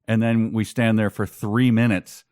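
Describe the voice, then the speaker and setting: A man's voice: lowish voice, level tone, moderate pace, darkish tone, clean tone, dry recording. A man co-hosting a casual book podcast, making dry, sarcastic asides. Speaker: podcast co-host.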